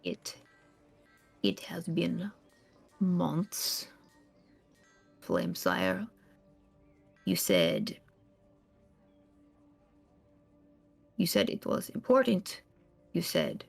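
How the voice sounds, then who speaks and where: Woman voicing a resentful young trainee, gravelly low voice, clipped formal speech, faint music behind. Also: exaggerated voice. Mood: weary, resentful.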